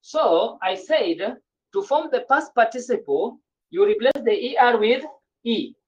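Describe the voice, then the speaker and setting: A woman's voice: a little high, animated, unhurried, darkish tone, slightly rough. A woman teaching a French grammar lesson in an online class, often repeating and restarting her words. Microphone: video call. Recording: dull lo-fi video call audio.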